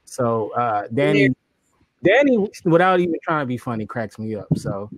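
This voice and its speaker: A man's voice: medium pitch, very animated, moderate pace, dry recording. A man hosting a casual livestream chat, laid-back and slangy, laughing often. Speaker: host.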